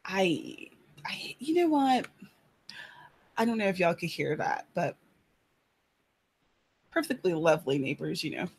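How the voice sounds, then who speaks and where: A woman's voice: lowish voice, lively intonation, unhurried, long pauses, husky. A woman with a lilt chats loosely to her audience about her writing. Her talk rambles and winds through fillers and restarts. She speaks from a room in her apartment. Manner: chatty, rambling, many fillers. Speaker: writer hosting a live chat. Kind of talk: casual live-stream chat.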